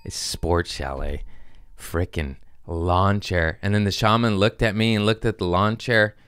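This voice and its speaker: A man on a podcast telling a profane, animated comic story and acting out the voices of the people in it. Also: lowish voice, a little slow, smooth, dry recording. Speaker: comedian guest on a podcast.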